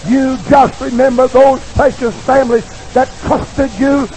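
A man's voice: very high-pitched, little pitch movement, a little slow, hardly any pauses, darkish tone, low-quality recording. A man preaching a fiery hellfire sermon, repeating his lines in a rhythmic build and calling on the crowd to answer him. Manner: rhythmic repetition, call-and-response to the crowd. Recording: hissy live recording.

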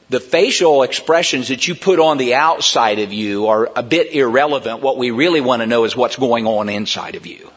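A man preaching a sermon in a church, emphatic and rising to near shouts on key words. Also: mid-range voice, breathy edge. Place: church sanctuary. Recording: dull sound with long hall reverb.

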